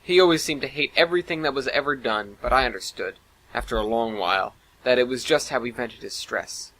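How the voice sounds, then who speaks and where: A man's voice: mid-range voice, a little fast, pushed and bright, low-quality recording. A man narrating a first-person science fiction story in an earnest, dramatic reading.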